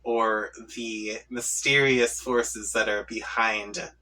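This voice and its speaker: A man's voice: fairly low pitch, fairly even intonation, slow pace, bright, forceful tone, recorded from a distance, poor audio. A man reading a comic aloud, voicing an irritable young male troll leader who rants in prickly bursts. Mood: ranting. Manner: prickly, ranting.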